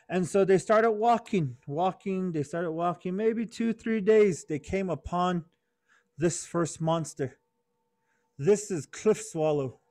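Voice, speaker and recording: At a youth conference, a man tells children a moral story in a high-pitched voice at a slow pace. He is animated and calls on listeners by name.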